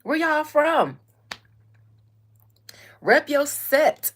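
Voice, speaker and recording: A woman hosting a casual livestream, animated, calling out viewers and laughing often. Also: high voice, drawn-out words. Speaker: livestream host.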